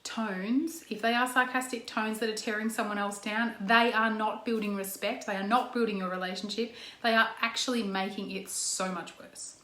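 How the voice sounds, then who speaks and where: A woman's voice: mid-range voice, fairly even intonation, normal speed, hardly any pauses, pushed and bright. Chatty Australian woman, echoey room. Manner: chatty, frequent "okay" and "um", talks with her hands, acts out example tones. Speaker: parenting coach. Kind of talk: casual instructional talk to camera.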